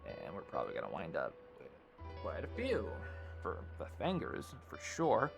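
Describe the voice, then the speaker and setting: A man's voice: deep voice, huge pitch swings, moderate pace, creaky, over music. A man streaming a casual tutorial, thinking aloud and muttering as he works, with the odd swear. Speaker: streamer teaching 3D modeling.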